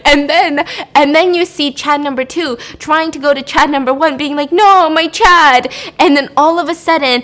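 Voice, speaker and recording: Animated, profane woman recapping a movie. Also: high-pitched. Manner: animated, profane storyteller who laughs often.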